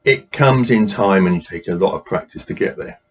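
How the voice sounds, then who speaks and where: With a lowish voice and a fairly quick pace, this man from England leads a drumming workshop, counting beats aloud while playing and explaining rhythms with patience. The audio is noisy and has a dull, lo-fi quality.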